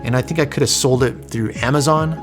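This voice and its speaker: A man's voice: medium pitch, fast, over music. A man in his thirties telling a personal story in an earnest, emotional way, with many fillers and restarts. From Southern California. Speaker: vlogger, inventor.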